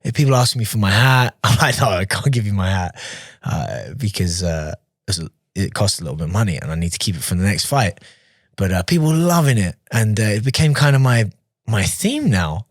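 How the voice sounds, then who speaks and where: Podcast guest, a man with a lower voice, relaxed and chatty, often restarting sentences, recorded dry and close. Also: brisk, dry recording. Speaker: podcast guest, professional fighter. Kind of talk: casual storytelling in an interview.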